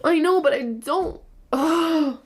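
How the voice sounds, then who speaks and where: A woman's voice: sits high, measured pace. A young woman streamer venting to her chat, frustrated, swearing and rambling.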